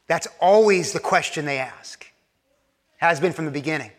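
A man preaching a sermon in earnest, pressing hard on key points and then dropping to a hushed, soft voice. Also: a little high, moderate pace, long reverb tail. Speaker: pastor.

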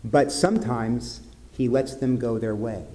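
Male pastor preaching to a congregation, earnest, mid-pitched, softening for grave points. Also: fairly even intonation, a little slow. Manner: earnest preaching, drops to soft grave tones. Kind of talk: sermon.

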